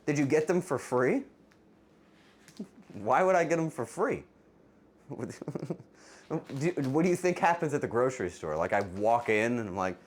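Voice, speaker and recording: A man's voice: medium pitch, very animated, unhurried, pauses often. A man hosting a live cooking stream, chatting with viewers in a playful, teasing way. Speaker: streamer, cooking show host.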